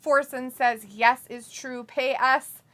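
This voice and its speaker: A woman hosting a live watch-along stream, reading viewer chat messages aloud with quick laughs in casual talk. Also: high voice, steady tone, bright, forceful tone.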